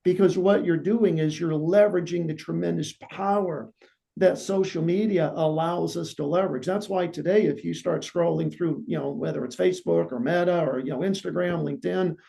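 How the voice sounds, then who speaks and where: A man hosting a podcast interview, explaining things in a steady way with lots of "you know". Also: high-pitched, moderate pace, creaky. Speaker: podcast host.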